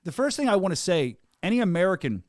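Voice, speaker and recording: Fast-talking energetic male podcast host. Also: high voice, dry recording, studio quality. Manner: energetic, rambling hype-man patter with restarts. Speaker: podcast host and venue announcer. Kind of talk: casual interview chat.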